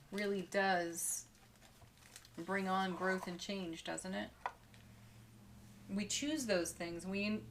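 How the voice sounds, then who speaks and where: A woman with a medium-pitched voice gives a daily tarot card reading, speaking softly and warmly. She sounds spiritual and gently enthusiastic, and laughs lightly and often.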